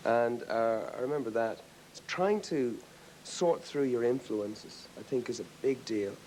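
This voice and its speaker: Rambling Irish rock singer. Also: male voice, mid-range voice, unhurried, a little mellow, slight background noise, low-quality recording. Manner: thoughtful, rambling, with frequent restarts. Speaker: rock singer interviewed as a guest. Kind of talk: casual TV studio interview. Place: TV studio with an audience.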